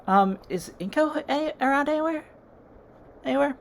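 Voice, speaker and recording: A worried middle-aged mother , played by a narrator, speaks softly and hesitantly in a raised pitch. Her voice is gentle and uncertain. Faint hiss runs behind this homemade audio story. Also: expressive, normal speed.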